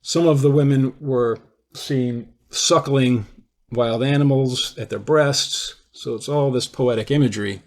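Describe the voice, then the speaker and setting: A man's voice: medium pitch, measured pace, a little mellow. Man retelling a classic play in conversation. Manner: conversational storytelling with restarts. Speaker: lecturer. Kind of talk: informal lecture explaining a theory.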